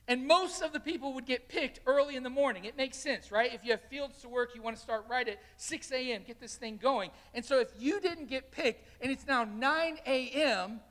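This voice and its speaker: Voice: high voice, a bit bright, big-room sound. A pastor preaching a sermon, telling stories and animatedly acting out the quotes. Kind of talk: sermon with storytelling. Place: church sanctuary.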